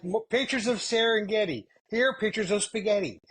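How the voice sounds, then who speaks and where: A man co-hosting a podcast in casual chat, rambling through stories with quick joking asides. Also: sits high, lively intonation, fairly bright tone, a little hiss or hum. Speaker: podcast co-host.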